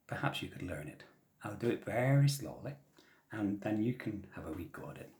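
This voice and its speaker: A traditional storyteller spins tales for children in a slightly low, mellow voice. He speaks gently and softly and often sinks to a near whisper. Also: expressive, normal speed. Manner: gentle, soft-spoken, drops to whispers.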